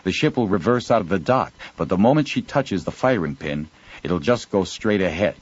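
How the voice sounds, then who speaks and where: A man's voice: deep voice, lively intonation, moderate pace, husky, muffled recording. A man voicing a grim, heavy-hearted male colony leader explaining things plainly.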